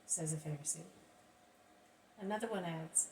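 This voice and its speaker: A low-voiced woman reading an audiobook. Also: a little slow, long pauses, a little mellow. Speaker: narrator. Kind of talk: audiobook reading of a religious text. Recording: distant mic, faint background hiss.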